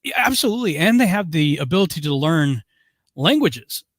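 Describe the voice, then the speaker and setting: A man's voice: fairly high pitch, big pitch swings, moderate pace, no room sound. A middle-aged man hosting an online Bible study, telling stories animatedly and laughing often over a video call. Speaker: host.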